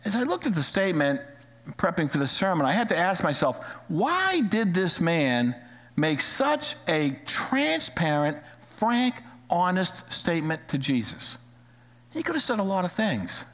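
A male pastor preaching a sermon to a live-streamed congregation, animated and repeating phrases for emphasis. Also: high-pitched, unhurried. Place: church sanctuary, live-streamed. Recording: long hall reverb.

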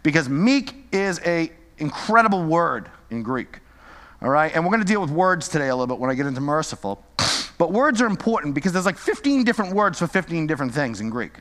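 A man teaching a conversational sermon, lively, often checking in with his listeners by asking "right?" and "okay?". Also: fairly high pitch, a little fast, in a large hall. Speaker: Bible teacher.

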